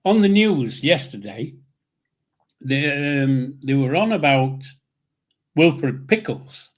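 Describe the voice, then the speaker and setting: An older Yorkshireman co-hosts a live chat show, speaking bluntly and without a filter in casual conversation. His mid-range voice is slow and sing-song, carrying his Yorkshire accent.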